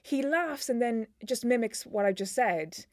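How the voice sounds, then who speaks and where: A woman's voice: fairly high pitch, animated, unhurried, a little mellow, no echo, clean studio sound. A woman, a comedian guest telling playful stories in casual chat. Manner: storytelling, playful.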